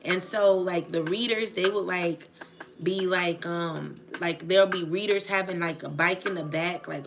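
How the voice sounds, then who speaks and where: A woman's voice: lowish voice, fairly even intonation, moderate pace, background noise. A woman streaming live, ranting in agitated, profane casual slang and often asking "you know what I'm saying". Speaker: tarot channel livestreamer. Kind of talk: emotional livestream rant. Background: background music.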